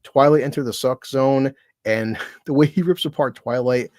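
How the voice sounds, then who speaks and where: A man chats loosely on his livestream, rambling from one friend to the next and swearing freely. His voice sits at an everyday middle pitch. The sound is dry, with almost no room around it. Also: moderate pace, a little mellow, dry recording. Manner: rambling, profane, self-deprecating; laughs between remarks. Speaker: streamer thanking fellow creators. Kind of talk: casual livestream chat.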